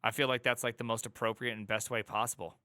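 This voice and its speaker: A man's voice: mid-range voice, little pitch movement, fast talker, bright, forceful tone, clear, resonant tone, no room sound. A man streaming live, reacting angrily to an article in a heated rant full of stammering restarts. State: angry and upset.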